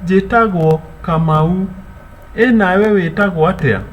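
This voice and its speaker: A man teaching a casual language lesson. He repeats phrases and jumps high in pitch when he models words. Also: measured pace, highs cut off, a little hiss or hum. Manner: warm, encouraging sign-off.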